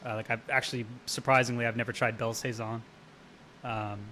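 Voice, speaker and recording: With flat delivery and a sharp tone, his medium-pitched voice moves fairly quickly over slight background noise. The man is casually chatting on a live brewing stream, answering chat and telling rambling, profane stories while laughing.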